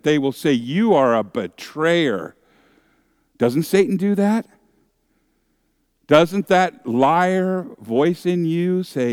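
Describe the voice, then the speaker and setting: A man's voice: medium pitch, animated, slow pace, pauses often, a little mellow, clean tone, no room sound, studio quality. A male pastor preaching a sermon, acting out the voices of objectors and accusers with dramatic shifts.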